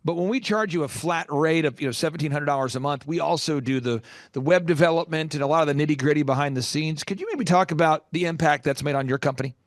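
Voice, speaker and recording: Man, business podcast host, energetic, emphatic, slightly high voice, dry close sound. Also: quick pace, dry recording.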